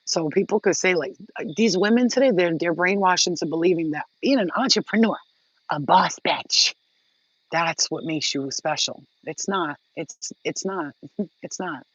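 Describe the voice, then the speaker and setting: A woman's voice: fairly low pitch, normal speed, husky, no room sound. A woman talking straight to her viewers in a casual vlog, blunt, emphatic and freely profane. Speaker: vlogger. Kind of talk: casual direct-to-camera talk. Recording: dull lo-fi sound.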